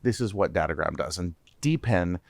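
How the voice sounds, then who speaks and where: A man, a startup CEO, speaking as a guest on a podcast interview. He talks in an animated way, restarting often and repeating words. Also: sits low, normal speed, creaky, dry recording.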